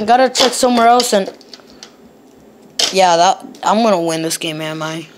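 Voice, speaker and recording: A woman narrating an improvised hide-and-seek game with toy cars, switching between excited squeals and low mumbled asides. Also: background noise. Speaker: storyteller voicing toy cars.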